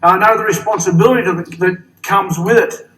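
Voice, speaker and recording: Bright-voiced Australian man joking on stage. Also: sits high, brisk. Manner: jokey, friendly, with repeated words and restarts. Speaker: award-winning associate giving a stage speech. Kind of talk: motivational stage speech. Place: stage at a large company event. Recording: distant stage sound.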